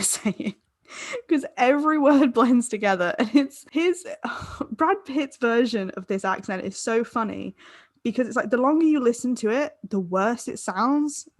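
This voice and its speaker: A woman's voice: a little high, animated, normal speed, no echo, studio quality. Giggly rambling young woman. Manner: rambling, laughing mid-sentence. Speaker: podcast co-host. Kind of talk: casual tipsy chat.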